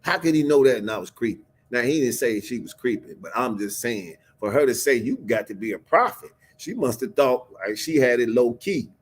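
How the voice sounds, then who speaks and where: A man's voice: mid-range voice, expressive, brisk, few pauses, husky. A man in his fifties teaching a casual scripture class, emphatic and slangy, repeating words for effect. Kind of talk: casual scripture breakdown preaching.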